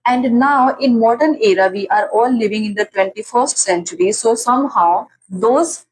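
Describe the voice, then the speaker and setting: A woman's voice: on the high side, normal speed, a little hiss or hum, low-quality recording. A woman teaching literary terms in an exam-prep lecture, restating each definition several times with fillers and restarts. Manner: explains by repeating definitions.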